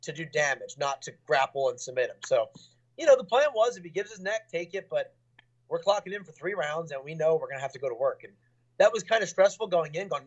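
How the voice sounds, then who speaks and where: A man's voice: on the high side, animated, fast talker, muffled recording. A young adult man, a fighter, talking casually in an interview, rambling with lots of fillers and restarts.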